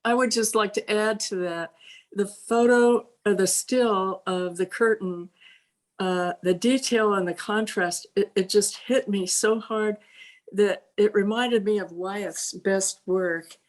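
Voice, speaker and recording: Woman audience member, slow deliberate speech, earnest. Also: mid-range voice, steady tone. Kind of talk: casual comment.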